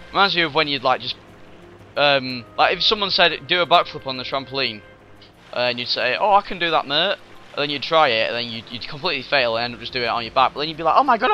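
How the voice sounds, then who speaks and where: A man narrating his own video game playthrough, rambling and excitable, full of fillers and sudden bursts of surprise. His voice sits a bit high with a very bright, sharp edge. The recording is dull and lo-fi, with faint game music behind him. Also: a little hiss or hum. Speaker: let's play host.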